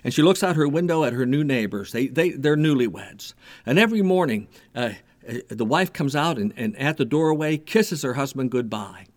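Lively male preacher. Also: medium pitch, moderate pace. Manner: animated preaching with repetitions and a told joke. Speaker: pastor. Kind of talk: sermon.

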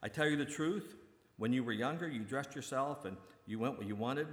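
A preacher voicing Jesus as a calm, gentle teacher who speaks earnestly during a sermon. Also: male voice, medium pitch, a little fast, reverberant, big-room sound, lightly acted.

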